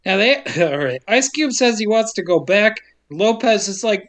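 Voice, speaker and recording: A man's voice: high-pitched, lively intonation, fairly bright tone. A man co-hosting a podcast, recapping a movie in a joking casual way and laughing often. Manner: joking, laughs often, mimics characters in quick asides.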